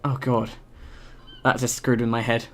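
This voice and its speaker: A man's voice: mid-range voice, flat delivery, unhurried. A man casually commentating a video game as he plays it, rambling and self-mocking. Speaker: let's play host.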